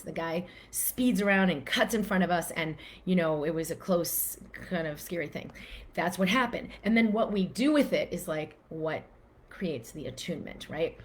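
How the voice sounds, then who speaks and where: Woman teaching with animated quoted voices. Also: on the low side. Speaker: physician and wellness teacher. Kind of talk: casual teaching talk.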